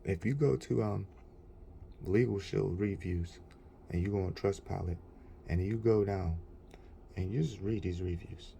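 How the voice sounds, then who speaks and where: A man's voice: sits low, measured pace, vocal fry, pauses often, mellow, a little hiss or hum. A man telling an indignant, rambling story about a bad experience, in a casual vlog. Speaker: vlogger.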